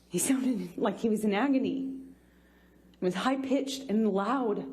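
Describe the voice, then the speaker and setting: A woman giving courtroom testimony from the witness stand, speaking haltingly with many pauses and restarts. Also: medium pitch, dark tone. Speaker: trial witness.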